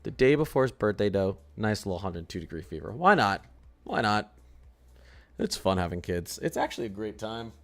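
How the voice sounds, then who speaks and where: A man's voice: lowish voice, very animated, moderate pace, fairly bright tone. A man hosting a weather livestream in casual chat, joking around and greeting viewers by name. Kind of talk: casual live-stream chat.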